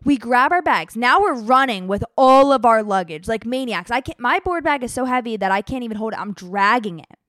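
Animated young woman, higher voice, dry sound. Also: fairly quick, hardly any pauses, dry recording. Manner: animated, breathless, exaggerated, swears casually. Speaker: vlogger telling a travel story. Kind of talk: casual storytelling.

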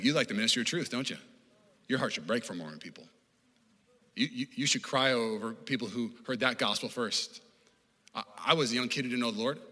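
A man preaching a sermon as pastor, animated and conversational, acting out the voices he quotes, with frequent restarts. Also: mid-range voice, long reverb tail. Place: church auditorium.

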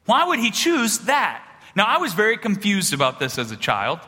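Man, pastor, sermon in a big reverberant hall; bright, lively pitch, animated storyteller. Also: normal speed. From small-town rural upbringing. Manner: animated storytelling, swings between loud punchlines and hushed low passages.

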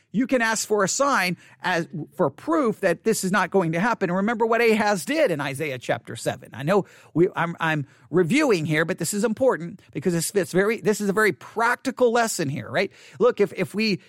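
Male pastor preaching, highish voice, repeats himself, owns his faults, dry sound. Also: lively intonation, moderate pace, a bit bright, no room sound. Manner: candid, self-deprecating, repeats phrases. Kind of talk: sermon podcast.

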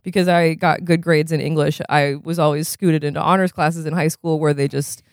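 A woman's voice: deep voice, steady tone, a little fast, no room sound, studio quality. A young adult woman co-hosting a podcast in casual chat, laughing easily and restarting her sentences often. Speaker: podcast co-host.

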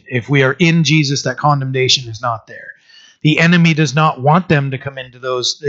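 A man preaching a sermon in a halting way, with many fillers and restarts. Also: mid-range voice, a bit bright, lo-fi sound. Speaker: pastor.

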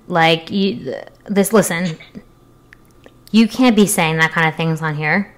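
A woman's voice: on the low side, slow pace. Chatty young woman, frank and joking. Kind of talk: casual crude chat.

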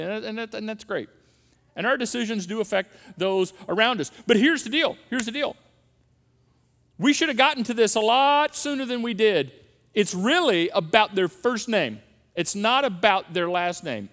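Emphatic high-voiced man preaching in a hall. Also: a bit bright. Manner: emphatic, repeats key phrases for effect. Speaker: pastor. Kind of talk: sermon on parenting.

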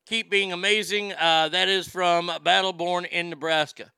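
A man's voice: sits high, fairly even intonation, normal speed, sharp tone, smooth, no echo, clean studio sound. A middle-aged man hosting a show, reading listener mail in a blunt, profane, rambling way. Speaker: host.

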